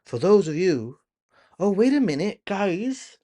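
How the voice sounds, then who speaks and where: A man's voice: high-pitched, sing-song, a little slow, warm tone. A man hosting a casual live stream, chatting to viewers, reading their comments aloud and laughing often. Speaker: livestream host.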